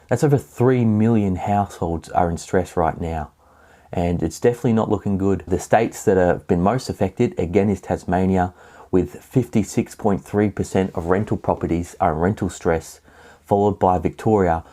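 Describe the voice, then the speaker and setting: A man's voice: sits low, warm tone. A man giving a solo property market update, reading out statistics steadily with occasional fillers. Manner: reads figures steadily, with fillers.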